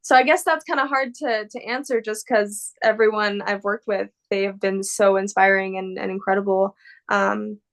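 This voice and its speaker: A woman's voice: medium pitch, steady tone, moderate pace. A woman actress answering interview questions in a casual, rambling and gushing way, full of fillers. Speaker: actress guest.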